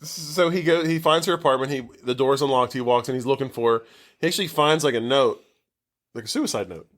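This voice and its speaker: A man's voice: mid-range voice, fairly quick. A man co-hosting a podcast, casually recapping a movie plot in a rambling way, swearing freely and saying "like" constantly. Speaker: podcast co-host.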